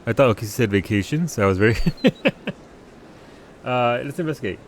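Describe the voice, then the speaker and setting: A man's voice: mid-range voice, brisk, a little hiss or hum. A man streaming a game live, chatting casually with his viewers, laughing often and restarting his sentences. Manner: animated, laughing, stammering restarts. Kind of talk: casual live gameplay commentary.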